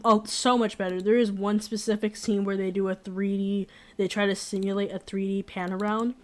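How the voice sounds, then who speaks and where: A young woman talks casually at a middle pitch, wandering through her thoughts with plenty of fillers and restarts. She is blunt and opinionated about what she likes and doesn't. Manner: rambling, frequent fillers and restarts. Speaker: streamer. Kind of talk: casual chat.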